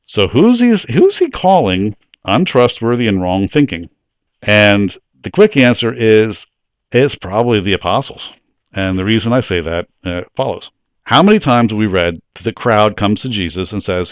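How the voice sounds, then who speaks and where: Male preacher, slightly low voice, talky Bible-study delivery, dry close sound. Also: lively intonation, normal speed, dry recording, lo-fi sound. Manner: conversational, plain-spoken teaching with rhetorical questions. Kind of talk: sermon.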